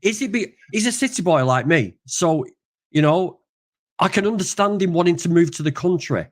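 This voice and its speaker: A British man in a casual chat, his pitch leaping up and down as he rants. He tells rambling stories with plenty of push behind them, in a slightly higher voice than most men. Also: normal speed. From United Kingdom. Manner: animated, ranting, rambling storyteller. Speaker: co-host.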